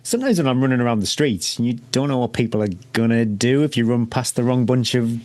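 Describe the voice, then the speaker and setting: A man's voice: mid-range voice, quick pace, a little mellow, no room sound. A man co-hosting a podcast, reacting in brief remarks and dry jokes. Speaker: podcast co-host. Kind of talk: casual chat.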